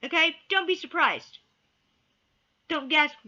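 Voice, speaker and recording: A woman rants to camera with a high, lively voice. Her tone is bright and sharp, and she hammers points home by repeating them. The audio is dull and lo-fi. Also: a little slow. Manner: emphatic, repeats key words, swears then apologizes. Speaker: vlogger. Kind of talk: heated opinion rant to camera.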